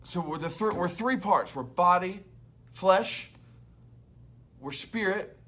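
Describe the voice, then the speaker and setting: A young adult man, a youth pastor, giving an energetic, loud and chatty devotional talk to camera. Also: high-pitched, takes it slowly.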